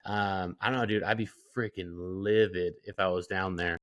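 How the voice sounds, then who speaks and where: A man with a somewhat low voice co-hosting a golf podcast. He talks in a loose, casual way, often stumbling over how he begins a thought. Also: fairly even intonation, fairly bright tone. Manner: casual, says dude, halting starts. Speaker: podcast co-host. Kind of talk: casual chat.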